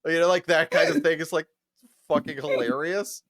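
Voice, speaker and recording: A man's voice: a little high, moderate pace, no echo, studio quality. A man co-hosting a casual podcast chat, laughing often and acting out quoted lines as he retells scenes. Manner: animated, laughs often, acts out quoted voices. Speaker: podcast co-host.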